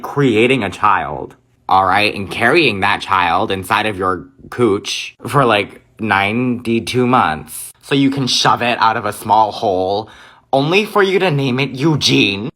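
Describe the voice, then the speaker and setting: A man's voice: fairly low pitch, a bit bright. A young man delivering a profane, exaggerated comedic rant monologue.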